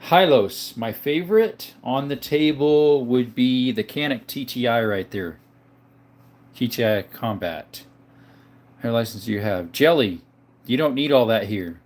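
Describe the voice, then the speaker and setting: A man's voice: medium pitch, lively intonation, a little slow, darkish tone. A man hosting a livestream, casually reading viewer comments aloud and answering their questions one by one in a laid-back way. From Arizona, US. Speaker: livestream host.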